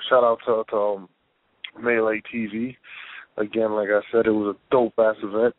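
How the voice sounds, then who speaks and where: A man's voice: fairly low pitch, level tone, moderate pace, no room sound. A man co-hosting a casual call-in talk show, laid-back and profane, laughing often. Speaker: co-host. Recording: tinny phone line.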